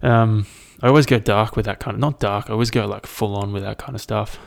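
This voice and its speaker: Low gravelly rambling man. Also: fairly even intonation, brisk. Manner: rambling, sweary, self-deprecating. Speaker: podcast host. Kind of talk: casual solo podcast chat.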